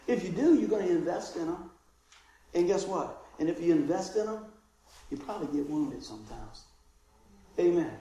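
A man preaching a lively, joking sermon and acting out voices. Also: very high-pitched. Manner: animated, joking, acts out voices. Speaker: pastor. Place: church hall. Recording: echoey church room, distant mic.

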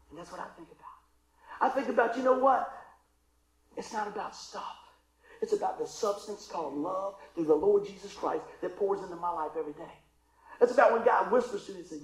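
A man preaching a sermon as pastor, swinging between loud calls and hushed asides. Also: a little high, animated, moderate pace, long pauses, reverberant, poor audio. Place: church sanctuary.

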